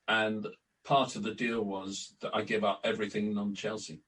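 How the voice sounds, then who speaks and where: An older man telling anecdotes in a relaxed interview, acting out remembered conversations with many restarts. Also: on the low side, moderate pace. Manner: anecdotal, acts out quoted exchanges, frequent restarts. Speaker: interview guest, former club announcer and editor. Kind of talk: storytelling in a relaxed podcast interview. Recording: distant from the mic.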